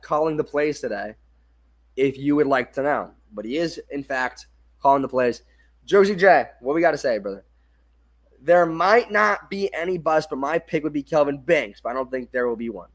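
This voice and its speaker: A man's voice: a little high, expressive, normal speed. A young man doing casual play-by-play commentary for a football livestream, tired and yawning, often correcting himself and apologizing for slips. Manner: casual, self-correcting, apologetic about mistakes. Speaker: fan play-by-play streamer.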